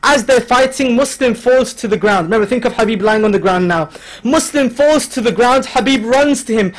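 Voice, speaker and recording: A man's voice: very high voice, normal speed. A man giving a mourning sermon, telling a story and voicing its figures, his delivery growing more emotional as it goes. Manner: storytelling, quoting figures with rising emotional intensity. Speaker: religious speaker. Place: lecture hall.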